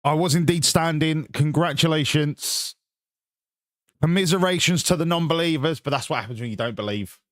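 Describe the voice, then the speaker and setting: A man's voice: a little high, normal speed, a bit bright, no echo, clean studio sound. A man with an English accent streaming live, chatting casually and swearing while bantering with his viewers.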